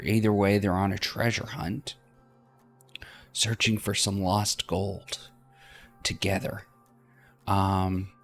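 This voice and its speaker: A man introduces his let's play in a casual, halting way, filling pauses with ums and uhs. His voice sits low and he takes his time, with faint music behind him. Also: vocal fry. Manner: hesitant, many fillers.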